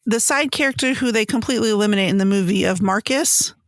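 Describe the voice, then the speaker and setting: Woman podcast host, casual chat, animated, mid pitch, dry sound. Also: quick pace, no room sound. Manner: animated, acts out her own reactions.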